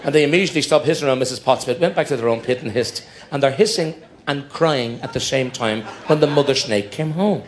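A middle-aged Irish man telling a long joke on stage, laughing as he goes, in an animated storytelling manner. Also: fairly high pitch, moderate pace, a faint crowd, slight background noise. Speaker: comedian. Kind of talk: storytelling stand-up.

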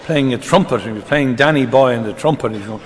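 An older man doing stand-up, telling a run of jokes in a brisk, deadpan storytelling manner. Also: medium pitch, a little hiss or hum. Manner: brisk deadpan storytelling, dropping into quoted voices. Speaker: comedian. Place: live stage before an audience. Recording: reverberant live hall with crowd. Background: audience laughter.

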